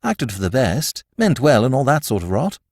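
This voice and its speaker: A man voicing a breezy, well-meaning young English gentleman with an airy, lightly raised tone. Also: medium pitch, very animated, moderate pace, no echo, clean studio sound.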